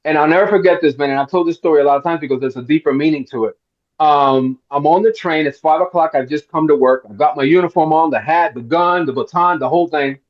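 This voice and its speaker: A man's voice: on the high side, fast talker, lo-fi sound. A middle-aged man from Miami, an actor telling a long anecdote at a roundtable interview and acting out the voices in it. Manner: animated storyteller, acts out quotes. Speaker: actor guest.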